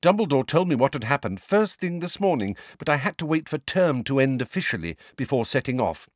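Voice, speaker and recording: A man voicing a clever, bossy teenage girl who talks briskly and lectures with exasperation. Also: medium pitch, big pitch swings, no room sound, studio quality, pitched above the performer's own voice.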